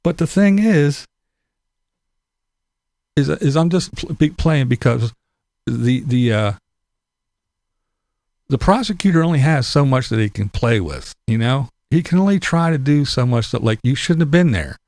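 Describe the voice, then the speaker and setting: A man's voice: medium pitch, expressive, unhurried, pauses often, darkish tone, dry recording. A middle-aged man from Pennsylvania giving a blunt, profane opinion monologue, laughing between his points. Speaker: vlogger.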